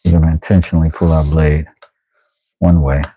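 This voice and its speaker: Sharpening a blade on his casual woodworking livestream, a middle-aged host chats in a playful way, now and then breaking into goofy high sing-song voices. His delivery is flat and brisk, and the audio is phone quality with no room sound.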